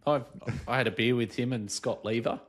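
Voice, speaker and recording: A man's voice: mid-range voice, fairly quick. A man co-hosting a podcast, giving his views in an earnest, emphatic way. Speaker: podcast co-host. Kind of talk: casual chat.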